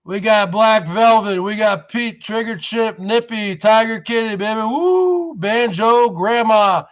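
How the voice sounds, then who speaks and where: High, bright-voiced man in his forties. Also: measured pace, few pauses. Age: 40s. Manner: talks straight to viewers, calls them folks. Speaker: show host. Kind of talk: rambling vlog monologue.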